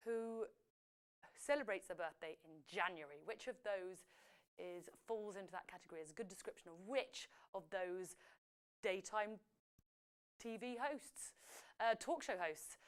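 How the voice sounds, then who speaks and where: A woman hosting a live quiz, chatty and lively, often correcting herself as she goes. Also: a little high, clean tone. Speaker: quiz host.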